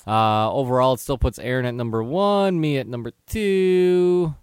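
Casting: mid-pitched man with a smooth, clear voice, podcast co-host reading off stats, dry sound. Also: moderate pace, a little mellow, no echo. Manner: lists schedules and standings matter-of-factly. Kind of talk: casual sports chat.

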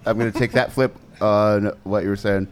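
A man's voice: lowish voice, fairly even intonation, moderate pace, clean tone. A man on a casual sports podcast panel, cracking jokes and speaking bluntly. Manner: wisecracking, blunt.

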